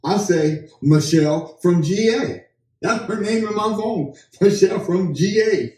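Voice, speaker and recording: Husband joking in a roomy room. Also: male voice, high voice, unhurried. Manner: joking, animated storyteller acting out dialogue. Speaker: podcast co-host. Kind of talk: casual chat. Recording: roomy, distant mic.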